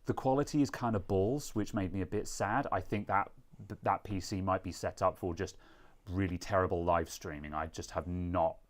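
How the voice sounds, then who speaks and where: A man's voice: low-pitched, moderate pace. A British man hosting a live stream, chatting casually in a rambling, self-mocking way. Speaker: streamer host.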